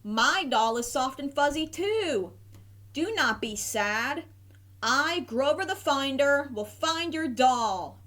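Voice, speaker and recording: Storybook furry monster, earnest and kindly, slow and reassuring, read by a woman. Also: high-pitched, lively intonation, a bit bright, heavily acted. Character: gentle furry monster, eager helper.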